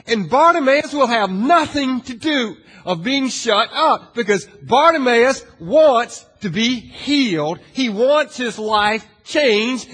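A male pastor preaching a sermon in a dramatic way, asking the audience questions and swinging from hushed to loud. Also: high-pitched, very animated, measured pace, husky. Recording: long hall reverb.

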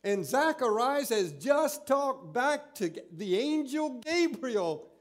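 A male preacher with a high voice reads scripture aloud and unfolds it as a story, taking his time. His storytelling is expressive, slowing for emphasis and leaning into personal anecdotes. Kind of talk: sermon.

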